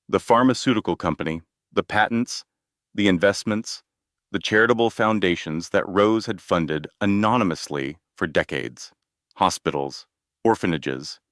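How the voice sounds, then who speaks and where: A man narrating a scripted drama story in a steady, dramatic storytelling manner. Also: sits low, dry recording, clean studio sound.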